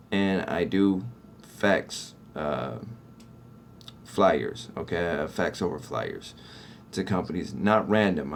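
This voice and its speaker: A man with a low voice, recorded with slight background noise, runs a cleaning company and teaches sales to other cleaning-company owners. He talks casually to viewers about landing contracts, often checking in with "right?".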